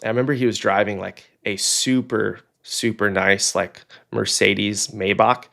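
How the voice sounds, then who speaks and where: A young Oklahoma man, a fighter pilot appearing as a podcast guest, tells a story casually in a fairly low, gravelly voice at a measured pace. He's an animated storyteller who acts out the dialogue he quotes and peppers his speech with "like" and "um."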